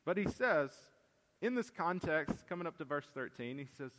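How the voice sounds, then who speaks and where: Pastor guy preaching, earnest, a bit high voiced, long church reverb. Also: animated, moderate pace. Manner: earnest expository preaching, swings between emphatic and hushed. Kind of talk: sermon.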